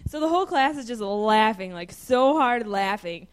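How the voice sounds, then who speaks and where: A young woman student telling a funny class story, giggly and animated. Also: a little high, moderate pace, clean tone. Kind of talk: casual storytelling.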